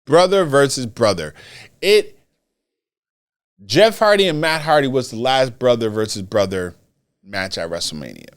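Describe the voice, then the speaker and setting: Slow-talking man hosting a wrestling podcast. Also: mid-range voice, smooth. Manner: animated, repeats phrases for emphasis. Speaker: podcast host. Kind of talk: solo wrestling commentary podcast.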